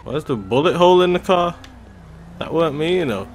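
A man, loudly commentating on a game with bursts of shouting and swearing. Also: fairly high pitch, animated, fairly quick, a little hiss or hum. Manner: slangy, loud outbursts and swearing. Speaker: gaming video host. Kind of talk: excited gameplay commentary. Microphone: desktop USB microphone. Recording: game music playing under voice. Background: game music and sounds.

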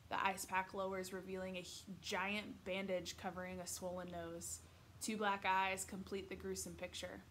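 A woman reading a children's novel aloud, with a mid-range voice and steady, expressive pacing. There is a faint hiss of noise under her reading. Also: medium pitch, a little slow. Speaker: narrator. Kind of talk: read-aloud book narration.

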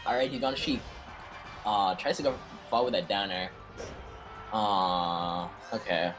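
A young man casually commentating a computer fighting game tournament, excitable and slangy, swearing often. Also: lowish voice, unhurried, music in the background. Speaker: stream commentator.

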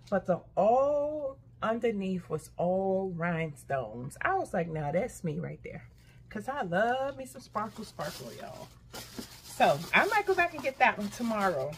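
Older lady chatting thru her haul, talks right to the camera, squeals with delight, faint hum behind. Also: mid-range voice. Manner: animated, talks straight to viewers, squeals with delight. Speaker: haul vlogger.

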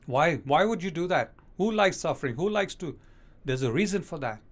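A man preaching a sermon as pastor, speaking emphatically and slowing down to read scripture verses aloud. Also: fairly high pitch, lively intonation.

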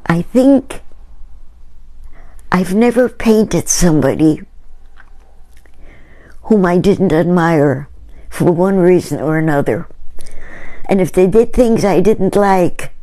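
A woman's voice: lowish voice, animated, mellow. An older woman, a painter, telling a group about her work in an earnest, reflective way. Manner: earnest, reflective, unhurried storytelling. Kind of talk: storytelling talk to a small group.

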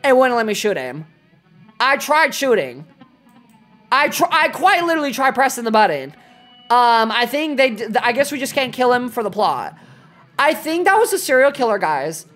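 A young woman streaming a horror game, talking to chat and reacting loudly, with lots of swearing. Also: fairly high pitch, moderate pace, faint music behind. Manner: animated, swearing, dramatic scared outbursts. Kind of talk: live gameplay commentary.

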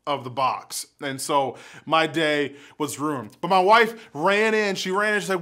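Young male youth leader, high voice, animated and excitable, casual talk to camera. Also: normal speed.

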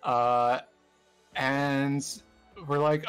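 A man's voice: a little high, slow, clean tone, soft background music. A man casually recapping a tabletop game session for his group, rambling and self-deprecating, laughing through his lines. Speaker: player giving the session recap.

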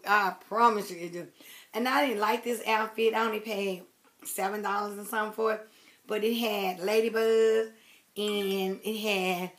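A woman rambles affectionately to her viewers in a loose, casual vlog. Her talk wanders from thought to thought, and her voice often sinks to soft, low murmurs while she fusses with what she is holding. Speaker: doll collector vlogger. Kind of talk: casual chat to camera.

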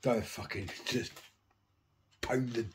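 A man's voice: medium pitch, steady tone, slow, slight background noise. A man casually rambling through anecdotes about his record collection, swearing constantly.

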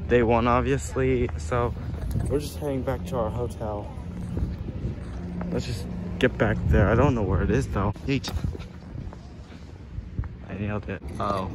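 A man giving casual, excitable commentary as he explores a game and jokes along the way. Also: mid-range voice. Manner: chatty, excitable, jokey narration while exploring. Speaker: gaming vlogger. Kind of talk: casual let's-play commentary. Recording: noticeable background noise.

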